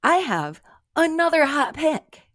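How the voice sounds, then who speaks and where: A woman's voice: high-pitched, very animated, slow pace, a bit bright, no room sound, studio quality. A woman co-hosting a podcast in casual chat, telling stories with frequent giggles. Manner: giggly, self-amused storytelling. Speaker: podcast co-host.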